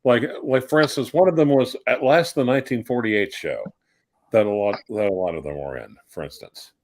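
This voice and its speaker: A man's voice: mid-range voice, brisk, a little mellow, no room sound. A man joining a casual video call, explaining at length in a knowledgeable way. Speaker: guest on a call. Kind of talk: casual chat.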